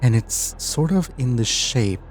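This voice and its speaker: A man's voice: mid-range voice, animated, darkish tone, a little hiss or hum. A man narrating as game master of an online tabletop game, stumbling and restarting as he describes things. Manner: halting, restarts while describing, self-deprecating.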